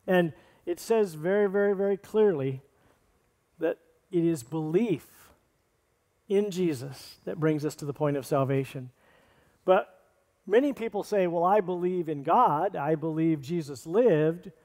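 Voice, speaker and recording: A pastor preaching a sermon in an earnest, plainspoken way, reading scripture and stopping to restart phrases. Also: male voice, on the high side, a little mellow, long reverb tail. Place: church sanctuary.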